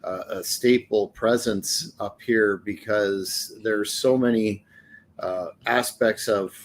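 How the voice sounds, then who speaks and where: A Canadian man with a fairly low voice talks in a measured way on a podcast, pausing often with fillers. He co-hosts as a wrestling manager in relaxed conversation. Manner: measured, hesitant, many fillers. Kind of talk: casual chat.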